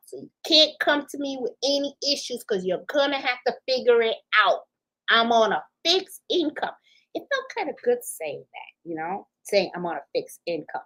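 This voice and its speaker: Animated middle-aged woman telling stories. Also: on the high side, poor audio. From Puerto Rico. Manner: animated, laughing, acts out voices in quotes. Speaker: sewing channel host. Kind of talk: casual storytelling chat.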